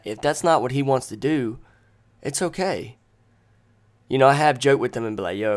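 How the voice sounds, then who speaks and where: A man hosting a casual podcast from a room with friends, telling a story in a blunt, rambling, profane way. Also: medium pitch. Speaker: podcast host. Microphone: podcast microphone.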